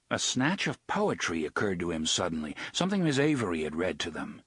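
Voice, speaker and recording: A man reading an audiobook as scripted narration, measured and suspenseful, slowing down on tense moments. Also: fairly low pitch, sing-song, a bit bright, breathy edge, dry recording.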